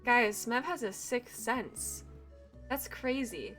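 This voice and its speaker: A woman's voice: on the high side, takes it slowly, a bit bright, faint music behind. A young woman with an Atlantic Canadian accent and a slight Valley Girl sound, chatting casually and rambling with frequent laughs while streaming a game. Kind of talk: casual chat while gaming.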